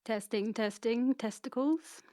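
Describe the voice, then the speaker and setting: A woman's voice: on the high side, a little slow, a little mellow, no room sound, clean studio sound. A woman from Chatham with a Kent accent, chatting on a stream as a guest, giggly and a little self-conscious. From Chatham, England. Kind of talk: casual chat.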